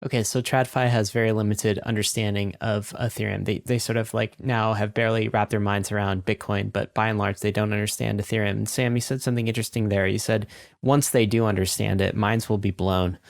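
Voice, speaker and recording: Low-voiced man hosting an interview. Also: little pitch movement, brisk, creaky. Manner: summarizing, then posing a follow-up question. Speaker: podcast host. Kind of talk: interview questions.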